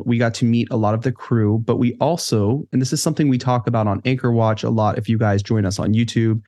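A man's voice: on the low side, darkish tone, dry recording, studio quality. A man co-hosting a podcast in casual, easygoing conversation, steering the talk between topics. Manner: easygoing, conversational, leads segments. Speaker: podcast co-host. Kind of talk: casual chat.

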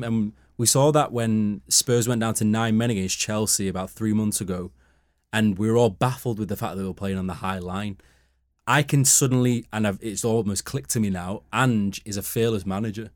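A man's voice: fairly low pitch, no room sound, clean studio sound. Emphatic man debating football. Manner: emphatic, opinionated. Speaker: football podcast panelist.

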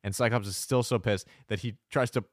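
A man's voice: fairly low pitch, steady tone, a little fast, dry recording, studio quality. A man co-hosting a podcast, recapping a cartoon with joking, wry asides. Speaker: podcast co-host. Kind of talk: casual episode recap.

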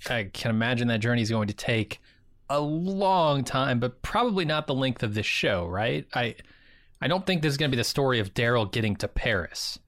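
A man's voice: medium pitch, lively intonation, brisk, a bit bright, no room sound. A man co-hosting a podcast, chatting casually with dry, skeptical remarks. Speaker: podcast co-host. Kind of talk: casual chat.

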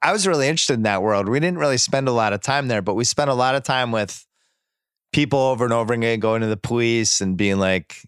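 A man hosting a podcast, casually recapping a TV series and acting out scenes with quick put-on voices. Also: mid-range voice, clear, resonant tone, no room sound, studio quality. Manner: animated retelling, acts out scenes in quick voices. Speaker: podcast host.

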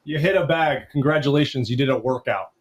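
A man's voice: mid-range voice, quick pace. A man giving a brash, profane motivational call-out, commanding listeners to push harder.

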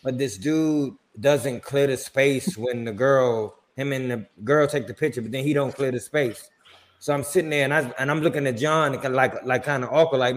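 A man co-hosting a sports podcast, telling a story in casual chat and acting out his own reactions with sudden high exclamations. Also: brisk. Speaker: podcast co-host.

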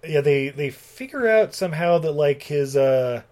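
A man's voice: on the high side, lively intonation, moderate pace, darkish tone. Rambling, profane man in casual chat. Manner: rambling, profane, many fillers.

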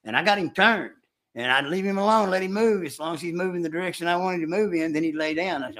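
An older man telling a hunting story in casual chat, with a folksy rural way of talking, animated when he acts out the shouting. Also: a little high, quick pace. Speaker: storyteller recounting hunting trips.

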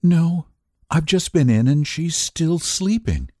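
A man voicing an anxious, genteel young wife who speaks softly and hesitantly. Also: on the high side, expressive, slow, dry recording, studio quality, pitched above the performer's own voice. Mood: worried, apologetic. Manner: soft, hesitant, apologetic.

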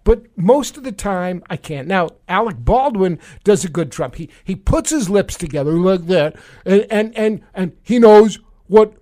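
A man from New York with a New York accent, hosting a casual radio talk show in a halting way. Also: high-pitched, animated, mellow. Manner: halting, full of restarts and fillers. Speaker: radio host.

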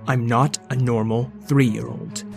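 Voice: mid-range voice, steady tone, slow, gravelly, darkish tone, faint music behind. Earnest clever storybook boy, read by the narrator. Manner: earnest, pleading.

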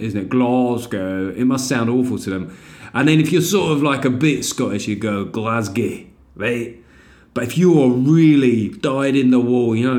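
A man hosting his own podcast, a comedian, chatty and self-mocking with casual swearing. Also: mid-range voice.

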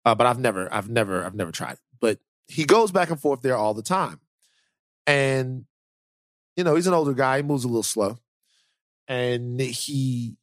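A male podcast host tells stories in casual conversation, repeating words a lot, and his voice drops lower and softer when the story turns serious. The studio sound is clean with no echo.

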